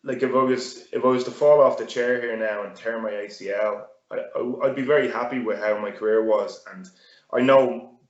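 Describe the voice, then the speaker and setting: A man's voice: mid-range voice, fairly even intonation, normal speed. An Irish man chatting casually as an interview guest, rambling with many fillers and restarts. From Ireland. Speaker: guest fighter and gym owner. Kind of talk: casual chat. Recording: roomy, dull-sounding audio.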